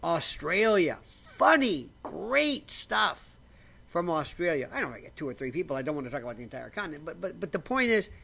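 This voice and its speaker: A man talking casually to camera from a simple home setup in a rambling, animated way, often restarting his sentences and sipping coffee as he goes. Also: fairly high pitch, a little fast, vocal fry, husky. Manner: slurps coffee while talking. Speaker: vlogger.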